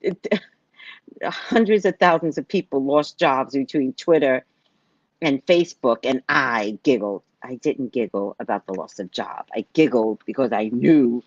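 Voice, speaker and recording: A woman's voice: rumbling low, a little slow, dry recording, highs cut off. A woman hosting a psychic livestream in a casual monologue, blunt and given to cursing. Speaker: psychic host of a live show.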